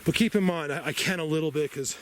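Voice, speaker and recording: Filming his trek through mountain woods and a cave, a bigfoot-researcher vlogger from New Jersey talks chattily to his audience, wandering off topic and cracking jokes. He speaks quickly in a voice on the high side, over noisy outdoor background sound.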